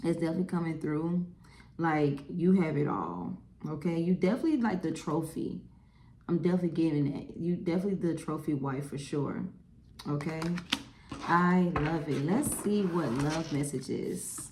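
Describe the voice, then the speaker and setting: A deep-voiced woman talks at normal speed in an echoey room, doing a casual tarot reading to camera. She's chatty and animated, sprinkling in lots of "okay?" and "y'all."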